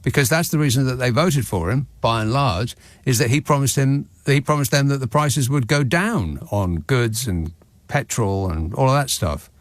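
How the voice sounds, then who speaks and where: A man's voice: medium pitch, normal speed, no echo. A man hosting a late-night radio phone-in, sarcastic and opinionated. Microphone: studio microphone.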